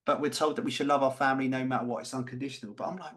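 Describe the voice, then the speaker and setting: A man's voice: medium pitch, steady tone, racing, a bit bright. A man co-hosting a podcast, talking candidly and passionately, swearing freely. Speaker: podcast co-host. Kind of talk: candid conversational chat.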